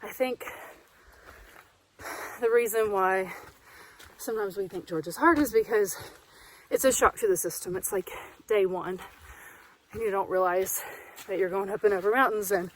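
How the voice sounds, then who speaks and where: A woman's voice: medium pitch, slight background noise, poor audio. A woman vlogging solo on a wooded trail, chatty and rambling, out of breath as she hikes and talks into a handheld camera. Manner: chatty, rambling, quick to laugh. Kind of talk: casual vlog monologue.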